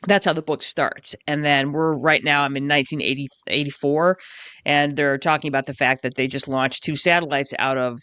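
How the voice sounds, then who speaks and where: A woman co-hosting a podcast in casual chat, animated and quick to swear when riled up. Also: sits low, clear, resonant tone, dry recording. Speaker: podcast co-host.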